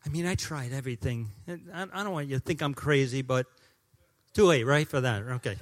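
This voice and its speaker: A man in his fifties preaching a sermon in a church as a guest pastor, joking and swinging between loud declarations and hushed asides. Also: mid-range voice, fairly quick. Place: church sanctuary.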